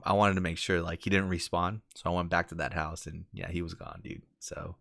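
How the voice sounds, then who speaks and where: A man's voice: low-pitched, a little fast, gravelly, hardly any pauses, a bit bright, no echo, studio quality. A man hosting a casual gaming podcast, laid-back and slangy, telling game stories. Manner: laid-back, slangy, says "dude" a lot. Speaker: podcast host. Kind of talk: casual chat.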